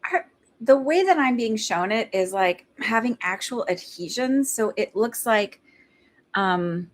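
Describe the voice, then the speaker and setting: A woman's voice: fairly high pitch, lively intonation, measured pace. A woman giving a psychic reading in casual live-stream chat, rambling with lots of fillers and laughing between thoughts. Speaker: psychic medium.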